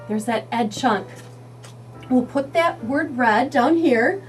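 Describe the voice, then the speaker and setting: A woman teaching young children to read, sounding out letters and words slowly and encouragingly. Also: sits high, animated, far from the mic, soft background music. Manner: slow, sing-song, sounding out letters. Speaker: early reading teacher. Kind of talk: children's phonics lesson.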